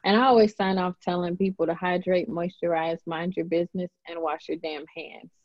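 A woman's voice: lowish voice, steady tone, brisk, heavy background noise. A woman who is a poet and a podcast guest, chatting casually and playfully, laughing often. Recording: dry, slightly dull recording.

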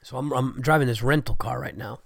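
Here a man in his thirties, sick with a cold, rambles enthusiastically and profanely through a casual solo podcast segment. He talks fairly quickly in a medium pitch with noticeable vocal fry, recorded cleanly in a studio with no room sound.

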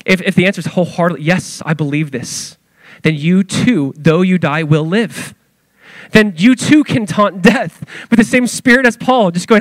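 High-voiced man preaching. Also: fairly quick, no echo. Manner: animated preaching, acts out quoted voices. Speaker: pastor. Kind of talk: sermon.

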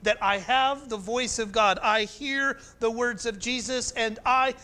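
A male pastor preaching a sermon in an animated way, climbing to emphatic peaks and then dropping soft. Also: extremely high pitch, a little slow.

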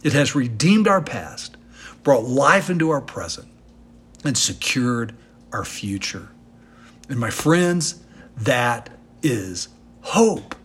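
A man's voice: medium pitch, sing-song, takes it slowly, pauses often, fairly bright tone, breathy edge. A male pastor delivering an earnest, emphatic sermon, asking the congregation rhetorical questions as he preaches.

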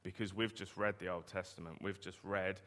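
A man's voice: low voice, fairly even intonation, a little fast, a bit bright. A man preaching a sermon in a conversational way, often asking the listeners rhetorical questions. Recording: long reverb of a hall.

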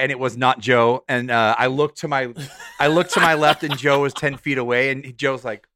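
Male co-host, bright, dry close sound, comic storyteller. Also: medium pitch, a little fast, no room sound. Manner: comic storytelling, acts out his own lines. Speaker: podcast co-host. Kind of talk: casual chat.

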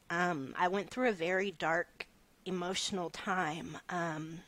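A woman in her thirties telling a personal story in an interview, soft-spoken and hesitant with many fillers. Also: fairly low pitch, fairly even intonation, slow pace, no echo. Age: 30s. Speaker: interview guest.

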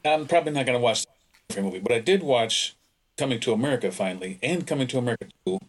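A man in casual podcast chat, giving quick, offhand opinions. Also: mid-range voice, expressive.

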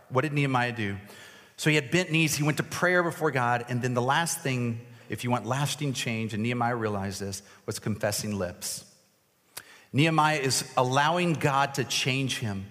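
A man's voice: medium pitch, fairly bright tone. A man preaching as a pastor, casual and self-deprecating, joking with volunteers during an object lesson, his voice a little cracked. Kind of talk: sermon with a live object lesson. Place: large hall with an audience. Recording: long hall reverb.

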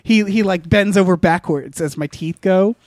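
A man's voice: high-pitched, moderate pace, darkish tone, dry recording, clean studio sound. A man co-hosting a comedy podcast, rambling through an improvised story with many filler sounds and restarts. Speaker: podcast co-host.

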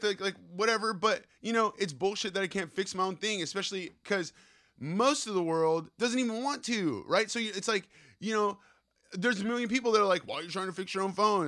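A man hosting his own podcast, ranting profanely in a casual monologue and tagging his sentences with "right?". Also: high voice. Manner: profane, animated, keeps asking "right?". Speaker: podcast host.

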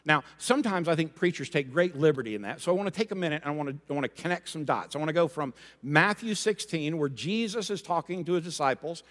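A man preaching a sermon as pastor, lively and joking, calling for responses from the congregation. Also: fairly high pitch, quick pace, hardly any pauses. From Rhode Island and Florida. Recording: long hall reverb.

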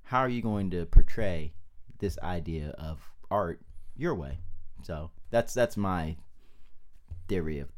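Give me a young man with a very lively pitch, chatting casually and laughing through his stories. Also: slow pace, long pauses. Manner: animated, laughs often, acts out quotes. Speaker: podcast guest, comedian. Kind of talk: casual chat, storytelling.

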